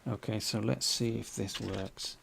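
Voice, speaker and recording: A man's voice: fairly low pitch, fairly even intonation, a little slow, gravelly, background noise. A man casually explaining a 3D program on screen, with many ums and restarts. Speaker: 3D tutorial host. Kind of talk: casual screen-share chat.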